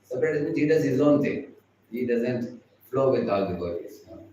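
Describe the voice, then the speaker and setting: A man's voice: medium pitch, lively intonation, a little fast, warm tone, a little hiss or hum. A man with an Indian English accent giving a chatty devotional class, laughing often and acting out the people he quotes. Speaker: spiritual teacher. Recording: echoey hall, far from the mic.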